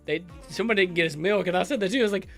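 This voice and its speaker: A man chatting casually as a vlog co-host, retelling stories in an animated way and laughing a lot. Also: high-pitched, racing, creaky, faint music behind. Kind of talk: casual chat.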